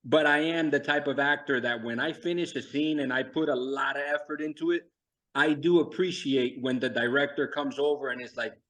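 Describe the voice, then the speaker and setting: A man's voice: mid-range voice, steady tone, normal speed, a bit bright, poor audio. Earnest middle-aged man on a video call. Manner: earnest, self-reflective, acts out quotes. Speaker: guest actor. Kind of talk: casual interview chat.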